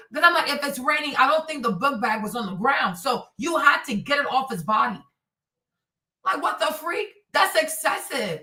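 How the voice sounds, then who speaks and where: Woman streamer, high bright voice, heated cursing rant, roomy sound, distant from the mic. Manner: angry, profane, repetitive ranting. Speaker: livestream host. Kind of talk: heated livestream rant answering chat. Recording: echoey room, voice off-mic.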